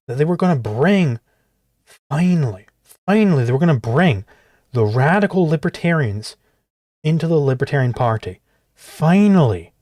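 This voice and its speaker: A man's voice: on the high side, darkish tone, dry recording, clean studio sound. A man hosting a livestream reaction, ranting in a heated, profane and rhetorical way. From outside the US. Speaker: livestream host reacting to a clip.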